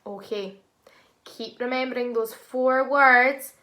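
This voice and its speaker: A woman teaching a phonics lesson to young children, speaking slowly and clearly and sounding out words in an encouraging way. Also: fairly high pitch, expressive, a bit bright. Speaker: primary school teacher.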